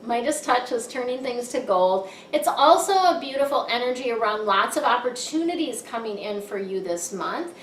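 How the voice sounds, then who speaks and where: An upbeat woman with a somewhat high voice reads tarot cards in a casual, encouraging way and keeps asking "right?". She sits back from the mic in a roomy, echoey space with a faint rumble behind her. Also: expressive, normal speed, hardly any pauses. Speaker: tarot card reader. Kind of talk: casual monthly tarot reading. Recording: echoey room, mic set far off.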